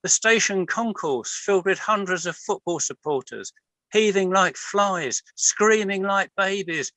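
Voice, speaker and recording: Scouse guy reading his own poems, lively storyteller, crisp bright tone. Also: high-pitched, measured pace, dry recording, rough recording. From Liverpool, England. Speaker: guest poet and artist.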